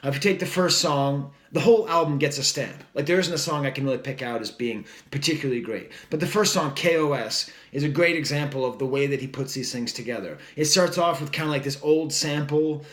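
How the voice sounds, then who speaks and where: A man's voice: on the high side, brisk, few pauses, echoey room. A man giving a casual, rambling record review, full of fillers and enthusiastic asides. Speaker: music reviewer.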